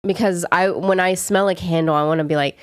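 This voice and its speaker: A woman's voice: fairly low pitch, fairly even intonation, fairly quick, no echo, studio quality. A young woman with a Southern US accent, chatting casually with viewers on a live stream in a rambling way while sick. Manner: chatty, rambling with frequent "like" fillers. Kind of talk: casual chat answering viewers.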